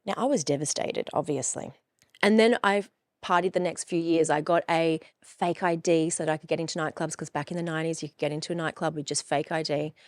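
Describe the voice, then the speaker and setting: A woman in her forties tells a personal story frankly and with emphasis, swearing freely. Her voice sits a little low. It is recorded close and dry. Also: fairly even intonation, brisk, no echo. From Australia. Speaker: coach and podcast host.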